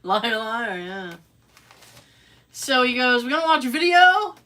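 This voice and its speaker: There's slight background noise as a woman with a fairly high voice talks at a measured pace. She co-hosts a podcast and narrates a story casually, full of sarcastic asides and acted-out quotes, with an animated delivery.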